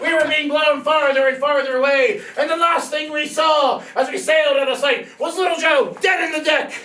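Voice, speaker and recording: A man telling an interactive pirate tale to an audience, loud and theatrical, repeating refrains and bantering with the listeners. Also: very high voice, steady tone, normal speed. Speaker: storyteller leading an audience. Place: brewery event venue with audience. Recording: echoey room, distant mic, loud crowd.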